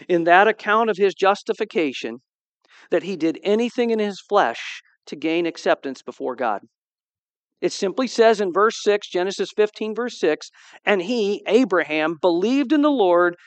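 High-voiced pastor preaching animatedly. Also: male voice, measured pace, no echo. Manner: animated, acts out quoted dialogue; asks the congregation for responses. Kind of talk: sermon.

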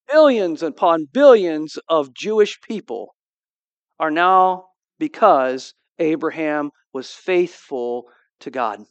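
A man preaching a sermon as pastor, reading scripture and acting out dialogue with animated emphasis, asking the congregation to respond. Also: a little high, takes it slowly, no room sound, highs cut off. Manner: animated, acts out quoted dialogue.

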